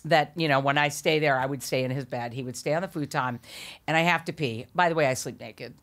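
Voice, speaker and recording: Middle-aged woman, animated storytelling, frequent laughter, salty language. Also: low voice, a little fast. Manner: laughs often, swears, acts out quotes. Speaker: podcast guest.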